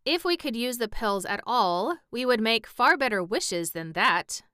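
A woman's voice: a little high, expressive, a little slow, pushed and bright, clean tone, no room sound, clean studio sound, voice pushed up. A woman voicing a curious opinionated scarecrow. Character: straw-stuffed male scarecrow, curious and opinionated. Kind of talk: audiobook reading.

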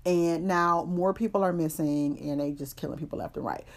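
A woman hosting a comedy podcast, recapping a story in profane, slangy, animated storytelling. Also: lowish voice, moderate pace. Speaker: podcast host.

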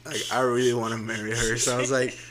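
A young man co-hosting a casual chat, talking in a relaxed, rambling way. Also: medium pitch, fast talker, a little hiss or hum. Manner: relaxed, laid-back, rambling. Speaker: podcast co-host.

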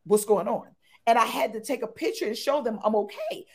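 A woman guest in an interview chat, talking exuberantly and repeating her phrases with excited bursts. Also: on the high side, brisk, breathy edge. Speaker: podcast guest.

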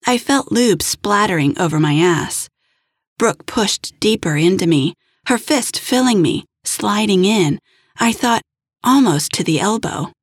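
Brief: woman narrator for an adult story, breathy and husky, dry close recording. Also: medium pitch, expressive, measured pace, no echo. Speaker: audiobook narrator. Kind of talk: erotic story reading.

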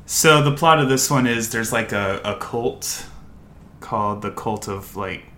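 A man's voice: fairly low pitch, a little slow, pushed and bright. A young American man co-hosting a podcast, chatting casually and rambling with lots of fillers and restarts. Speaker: podcast co-host. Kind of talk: casual chat.

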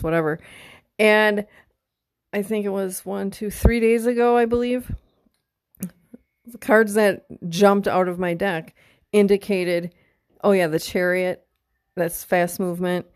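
A middle-aged woman talks straight into the mic in a relaxed solo podcast, candid and heartfelt, with plenty of casual swearing. Her voice sits at an ordinary pitch for a woman. The sound is close and dry, with no room around it. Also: unhurried, long pauses, no echo. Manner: emotional, openly tearful at times. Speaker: podcast host.

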